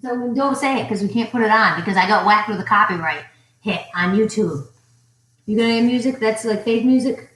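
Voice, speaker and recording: A woman's voice: medium pitch, a little fast, fairly bright tone. A woman co-hosting a casual couple's vlog at home, chatty and teasing while feeling sick. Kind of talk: casual live chat. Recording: roomy echo.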